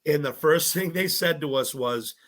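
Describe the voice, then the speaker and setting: Bright, animated young man telling stories. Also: fairly high pitch, moderate pace. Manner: animated, acts out quotes of others, laughs often. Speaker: podcast guest, cooking show contestant. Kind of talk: casual storytelling chat.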